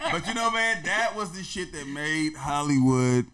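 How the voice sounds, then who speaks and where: A man guesting on a podcast, talking in a relaxed, reflective way and often adding "man". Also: on the high side, moderate pace. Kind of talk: casual interview chat.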